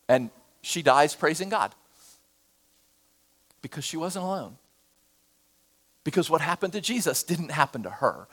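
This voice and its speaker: A man preaching a sermon, swinging between loud emphatic lines and hushed, dramatic ones. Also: high-pitched. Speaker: pastor.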